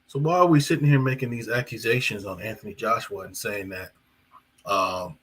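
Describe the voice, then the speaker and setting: A man's voice: on the low side, moderate pace, a bit bright, slight background noise, rough recording. A man hosting a live boxing talk stream, chatting in a rambling way with fillers and self-corrections. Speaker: boxing commentator and channel host. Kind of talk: casual live-stream commentary.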